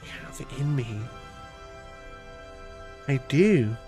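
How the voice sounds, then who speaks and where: A man's voice: medium pitch, animated, slow, dark tone, faint music behind. A man streaming live as he works through a word puzzle. He talks to himself and to his chat, laughs often, mocks himself and swears.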